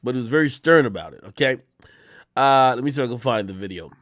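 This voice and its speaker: A man hosts a live stream and mocks the clips he plays with sarcastic, animated commentary. His pitch swings widely as he reacts. The room sounds dry and close. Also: fast talker, dry recording. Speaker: streamer host.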